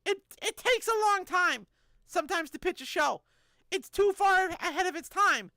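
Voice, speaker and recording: High bright-voiced woman streamer. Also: normal speed, no room sound. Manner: animated, jokey, answers chat messages. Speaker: streamer reading chat. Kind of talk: casual live-stream chat.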